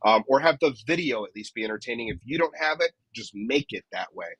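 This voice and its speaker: Husky-voiced man explaining tips. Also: medium pitch, expressive, fast, fairly bright tone, no echo, low-quality recording. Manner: explanatory, tags many points with "right?". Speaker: guest, dent repair technician. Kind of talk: casual podcast interview.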